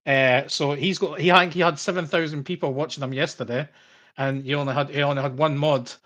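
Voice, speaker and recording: Chatty man, fairly high voice. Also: steady tone, fairly quick, fairly bright tone. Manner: chatty and rambling, laughs often. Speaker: podcast host. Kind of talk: casual chat.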